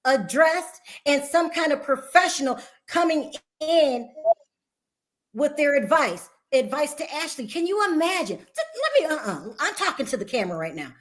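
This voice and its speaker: A woman with a high, light voice hosts a casual gossip talk show. She talks bluntly and with animation, and she laughs easily as she gives her opinions. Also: lively intonation, moderate pace. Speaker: podcast host.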